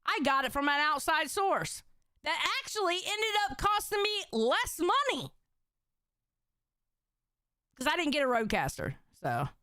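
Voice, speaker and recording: A woman's voice: high voice, sharp tone, no room sound, clean studio sound. A woman hosting a casual commentary, reacting bluntly and with lots of swearing to stream clips. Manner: blunt, profane, exclamatory.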